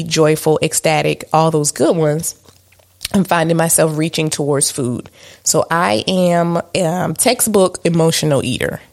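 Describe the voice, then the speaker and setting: A woman chats casually as a podcast co-host. She talks candidly and pokes fun at herself, with many fillers. Her voice sits fairly low and has a gravelly fry. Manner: candid, self-deprecating, chatty with fillers. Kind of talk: casual chat.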